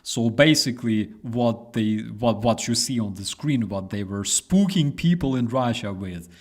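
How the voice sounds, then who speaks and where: Slow-talking man hosting casual commentary. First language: Ukrainian. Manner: relaxed, halting, many fillers and restarts; voices quoted people with exaggerated high-pitched mimicry. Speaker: host.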